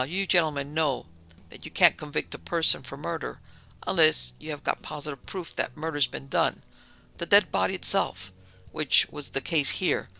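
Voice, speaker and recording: Bright, gravelly male storyteller. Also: a little high. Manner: first-person storyteller voicing dialogue lightly. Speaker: podcast narrator. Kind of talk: scripted narration of a vintage tale.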